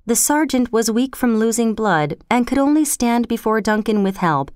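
A woman narrating a storybook in a measured, clear way. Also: fairly high pitch, lively intonation, darkish tone, no room sound, studio quality.

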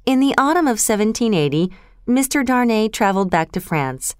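A woman narrating a classic storybook tale in a measured, clear way. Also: on the high side, sing-song, no room sound, studio quality. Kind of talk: storybook reading of a classic novel.

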